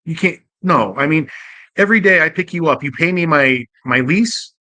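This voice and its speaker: A man's voice: a little high, animated, normal speed, pushed and bright, no echo. A man hosting a show, telling stories from his cab-driving years in a loose, profane, casual way. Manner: loose, profane, conversational with frequent restarts. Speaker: podcast host, former cab driver. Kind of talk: casual storytelling monologue. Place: Portland area.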